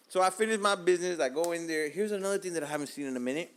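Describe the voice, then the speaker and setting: Animated profane man telling a story. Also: fairly high pitch, fast, few pauses, in a large hall. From Miami. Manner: profane, animated, swings between loud bursts and hushed asides. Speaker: podcast host. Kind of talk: casual storytelling monologue.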